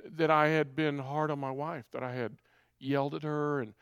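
A middle-aged man tells his personal testimony in an earnest, confessional tone. He speaks conversationally with a somewhat raised pitch. The sound is close and dry, with no room echo. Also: fairly even intonation, moderate pace, fairly bright tone, clean tone.

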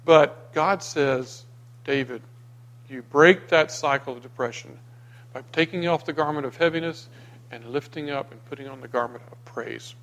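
A man preaching a sermon, dramatic, going from loud emphasis to hushed near-whispers and reading scripture aloud with acted voices. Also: medium pitch, normal speed. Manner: reads scripture aloud and acts out the quoted voices.

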